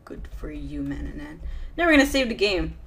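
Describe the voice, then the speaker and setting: A woman's voice: deep voice, sing-song, a little fast, fairly bright tone. A woman casually commenting on an old adventure game as she plays and reads its text aloud. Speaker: let's play gamer. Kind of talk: casual let's play commentary.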